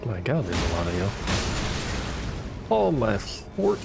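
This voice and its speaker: Gravelly low-voiced man playing a game. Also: big pitch swings, unhurried, loud music behind the voice. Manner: wry, profane, talks to enemies. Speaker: gaming streamer. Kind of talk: casual gameplay commentary.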